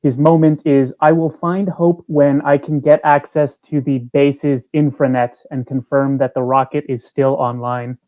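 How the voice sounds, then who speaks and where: A man player introducing his character in a measured way with hesitant pauses. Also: medium pitch, little pitch movement, no room sound, narrow, tinny audio.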